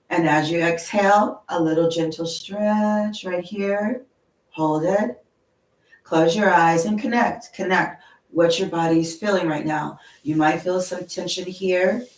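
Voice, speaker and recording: A woman leading a yoga class, gently talking students through stretches and breathing and checking in with "okay?". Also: lowish voice, reverberant, far from the mic, rough recording. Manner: slow, gentle and encouraging, with frequent "okay?". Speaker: yoga instructor. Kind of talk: guided yoga class instruction. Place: yoga studio.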